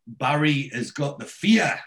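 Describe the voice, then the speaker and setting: Here a man with a fairly high, slightly bright voice hosts a podcast, talking a little slowly with lively intonation and some vocal fry. His casual episode recap is storytelling in style, full of quoted lines and frequent restarts.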